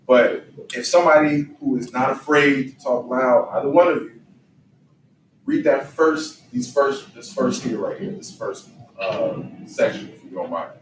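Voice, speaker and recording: A man's voice: mid-range voice, unhurried. Man giving a pep talk to young guys, call and response, preachy and emphatic, sounds far off in a roomy space. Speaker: youth group leader. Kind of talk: motivational talk to young men. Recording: distant mic in echoey room with faint noise.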